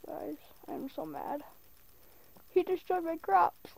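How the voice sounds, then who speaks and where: A woman hosting a gaming video from a bed at home, rambling in casual let's play commentary and quick to get annoyed. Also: very high-pitched, fairly even intonation, gravelly.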